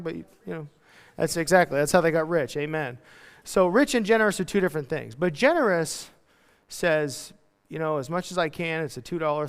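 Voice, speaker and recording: Man, pastor, high voice, conversational sermon, long hall reverb. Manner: conversational, acts out quotes in voices. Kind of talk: expository sermon. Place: church hall.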